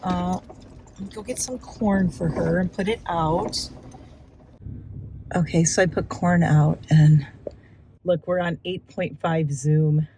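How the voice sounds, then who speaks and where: A woman vlogging casually while filming birds from her car and yard, chatty and excitable, sometimes out of breath. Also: takes it slowly, pauses often, a little hiss or hum, low-quality recording. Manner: excited and chatty, breaks into high squeals when calling her turkey. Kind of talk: casual vlog narration. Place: in a car and outdoors in a windy yard.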